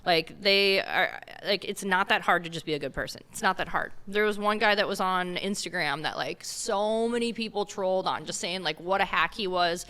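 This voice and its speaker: A woman's voice: on the low side, moderate pace, few pauses, pushed and bright, clean tone. A woman guest on a podcast, talking in a casual rambling way, full of fillers and restarts. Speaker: podcast guest, car detailer.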